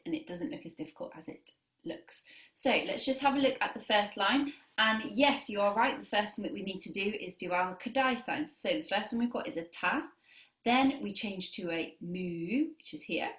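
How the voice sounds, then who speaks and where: A woman's voice: medium pitch, fairly bright tone, roomy sound. Encouraging woman teaching clarinet. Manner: encouraging, counts students in, lots of praise. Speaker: music teacher. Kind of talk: beginner clarinet lesson video.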